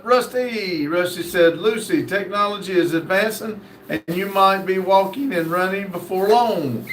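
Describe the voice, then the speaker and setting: A man hosts a livestream, reading viewers' chat messages aloud in a folksy, easygoing way. His voice sits high for a man. The sound is echoey, as if he is in a bare room. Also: a bit bright, a little hiss or hum. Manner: folksy, easygoing, many "uh" fillers. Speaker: livestream host. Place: indoor room.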